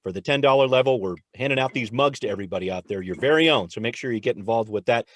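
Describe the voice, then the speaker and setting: A man's voice: mid-range voice, very fast, no echo. A man hosting a local politics podcast, chatting casually and joking while he eats cookies. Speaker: podcast host. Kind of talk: casual chat.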